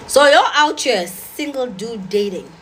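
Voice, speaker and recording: A woman's voice: fairly high pitch, expressive, a bit bright, a little hiss or hum, low-quality recording. A woman giving blunt, sassy dating advice in casual talk to an audience. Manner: blunt, sassy, rapid-fire.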